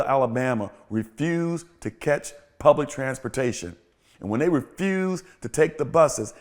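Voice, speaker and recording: A middle-aged man, a pastor and podcast host, giving emphatic, sermon-like commentary and repeating phrases for rhythm. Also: medium pitch. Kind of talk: preaching-style commentary.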